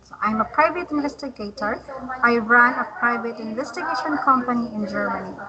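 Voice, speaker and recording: Woman English tutor, fairly high voice, slow and patient, chatter in the background. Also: lo-fi sound. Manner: patient, encouraging, repeats words slowly to model them. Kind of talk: online English lesson.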